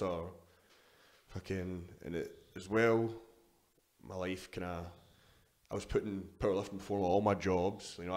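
A young Scottish man speaks in a fairly low voice as a guest in a relaxed chat. He tells his stories in a loose, rambling way, swearing often and circling back to restart sentences. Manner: swears freely, storytelling with frequent restarts. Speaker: guest, powerlifter. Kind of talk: casual podcast interview.

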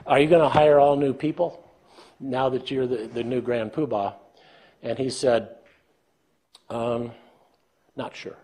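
Here an older man from the United States uses a husky, mid-range voice. In a casual leadership lecture built on anecdotes, he tells stories at his own expense and performs bits of dialogue with a chuckle.

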